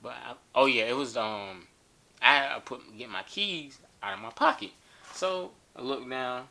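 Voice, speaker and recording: A man's voice: medium pitch, a little slow, gravelly, pushed and bright. A man telling a funny story in a casual, joking and profane way.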